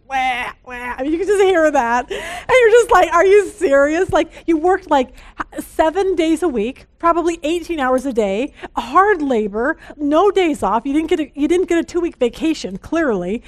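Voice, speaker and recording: Woman Bible study teacher, high voice, conversational, mixes scripture reading with chatty asides. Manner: chatty and animated, laughing, reading verses aloud.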